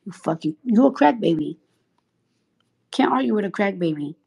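A woman's voice: mid-range voice, animated, moderate pace, vocal fry, darkish tone, husky. A woman with a New York accent talking on a casual livestream, blunt and profane, heated and rambling with many restarts. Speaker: social media livestreamer.

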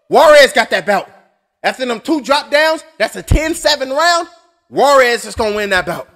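High bright-voiced man calling a fight. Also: normal speed. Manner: animated, joking, swearing, shouts at knockdowns. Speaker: boxing commentator. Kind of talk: blow-by-blow commentary with jokes. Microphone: webcam.

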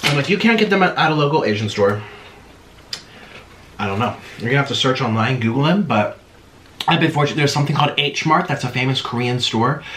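A man's voice: mid-range voice, animated, brisk, fairly bright tone, a little hiss or hum. A man chatting casually to viewers while eating, humming with his mouth full between sentences. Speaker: mukbang vlogger.

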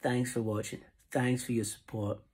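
A man's voice: medium pitch, flat delivery, moderate pace, a little mellow, breathy edge. A middle-aged man with a Scottish accent, chatting casually to camera about flies he ties and sells, in a rambling, jokey way. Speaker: fly tier and seller. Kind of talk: casual vlog talk to camera. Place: camping on the road.

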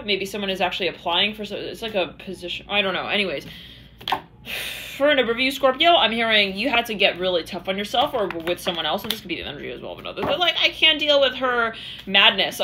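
A woman's voice: medium pitch, animated, fast talker, bright, forceful tone, a little hiss or hum. A woman giving a channeled tarot reading, rambling in a stream-of-consciousness way and acting out the voices she quotes. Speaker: tarot reader.

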